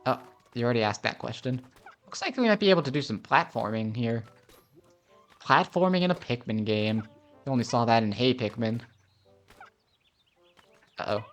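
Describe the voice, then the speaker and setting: A man's voice: mid-range voice, expressive, normal speed, long pauses, a bit bright, soft background music. A man casually commentating on a video game as a let's play host, chatty and easygoing.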